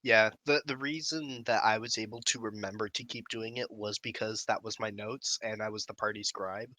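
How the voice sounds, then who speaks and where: A man co-hosting a tabletop gaming podcast, chatting casually in a measured way with filler ums. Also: fairly low pitch, fairly even intonation, sharp tone, no room sound. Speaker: podcast co-host. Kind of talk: casual chat.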